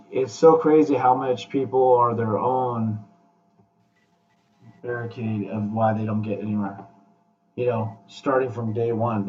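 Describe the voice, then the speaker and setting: Blunt, swearing man in an echoey room. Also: medium pitch. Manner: blunt, profane, animated pep talk. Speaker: podcast host. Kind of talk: casual podcast chat. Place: room with guests. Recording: echoey, distant, muffled room mic.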